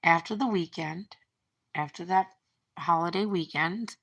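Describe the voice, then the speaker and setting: A woman's voice: fairly low pitch, unhurried, a bit bright. A middle-aged woman talking through a breakup on a phone livestream, rambling and repeating her words as she retells what was said. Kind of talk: emotional personal monologue.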